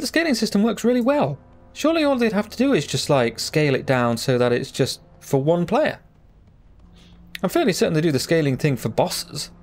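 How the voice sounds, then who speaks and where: A man hosting a gaming channel, giving casual gameplay commentary, rambling and thinking aloud with fillers and trailing sentences. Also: mid-range voice.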